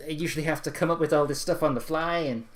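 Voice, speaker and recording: A man's voice: fairly high pitch, steady tone, fast talker, voice pushed up, lightly acted. A man putting on a vain, scheming little creature. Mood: explaining. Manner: boastful, wheedling. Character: small cute male creature, scheming vain salesman.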